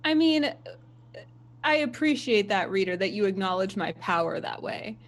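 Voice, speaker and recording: A woman voicing a vain, imperious female ship captain who speaks in measured, self-important phrases. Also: medium pitch, animated, close to an everyday voice. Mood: haughty.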